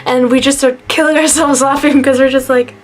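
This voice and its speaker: A woman's voice: high voice, fairly even intonation, a little fast. A young woman talking to camera in a tribute vlog, emotional and near tears, rambling and laughing through her sadness. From Canada.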